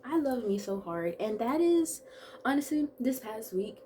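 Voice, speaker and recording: A woman in her twenties vlogging in a chatty, bubbly way, full of quick asides and playful self-talk. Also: fairly high pitch, sing-song, mellow, slight background noise. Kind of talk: casual chat to camera.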